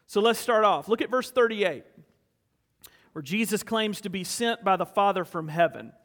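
Pastor, male, fairly high voice, earnest storytelling sermon in an echoing sanctuary. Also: moderate pace, a bit bright. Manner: storytelling, earnest, rhetorical questions. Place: church sanctuary.

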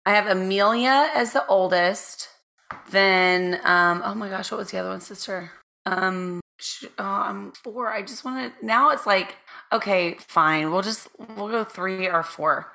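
Chatty hoarse-ish woman podcast co-host. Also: medium pitch, a little slow, sharp tone. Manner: chatty, laughs often, trails off. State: a little hoarse. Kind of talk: casual chat. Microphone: studio mic with red light.

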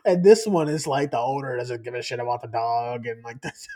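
A man co-hosting a casual podcast about movie box office, excitable, laughing often and repeating himself. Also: medium pitch, fairly quick. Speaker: podcast co-host. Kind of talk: casual chat.

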